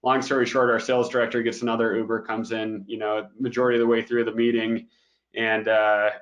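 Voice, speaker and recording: A man's voice: medium pitch, level tone, fairly quick, fairly bright tone, muffled recording. A man who is a business development director, speaking as a guest in a casual interview. He talks in an easygoing way, with lots of fillers and an easy laugh.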